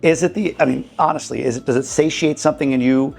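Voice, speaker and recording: Gravelly man hosting an interview. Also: mid-range voice, fast talker, a little mellow. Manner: probing, rambling questions. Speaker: podcast host. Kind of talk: casual interview.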